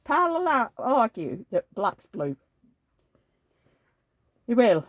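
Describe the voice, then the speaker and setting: Chatty older woman, lively voice. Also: a little high, slow pace, no room sound, studio quality. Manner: rambling, forgetful, animated retelling of arguments. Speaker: doll collector vlogger. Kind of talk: casual chatty storytelling.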